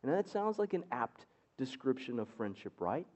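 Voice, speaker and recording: A man's voice: medium pitch, big pitch swings, moderate pace, darkish tone. A man preaching a sermon as pastor, with wry, sarcastic asides.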